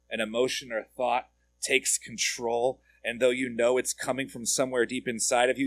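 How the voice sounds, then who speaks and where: Man, pastor, conversational sermon, direct questions, medium pitch, dry sound. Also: fairly bright tone, dry recording. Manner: conversational, asks listeners questions, repeats words.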